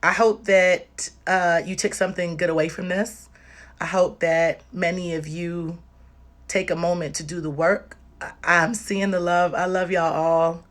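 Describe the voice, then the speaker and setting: A woman's voice: on the low side, little pitch movement, a little slow. A woman talking on a livestream, tearful and exhausted, speaking emphatically and directly with lots of repetition. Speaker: livestream host. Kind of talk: impassioned livestream talk.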